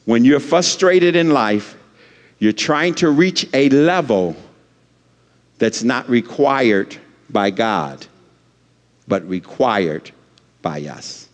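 A man's voice: medium pitch, lively intonation, slow pace, long pauses. A man preaching a sermon as pastor, with lots of repetition and call-and-response lines for the congregation. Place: church sanctuary. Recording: long church hall reverb.

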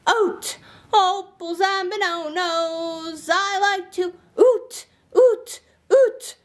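A woman voicing a playful young dinosaur who sings and roars, teaching children in a sing-song, drawn-out way. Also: extremely high pitch, fairly bright tone, heavily acted. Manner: sing-song, stretches vowels, drawn-out words. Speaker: children's puppet show host. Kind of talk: children's sing-along lesson.

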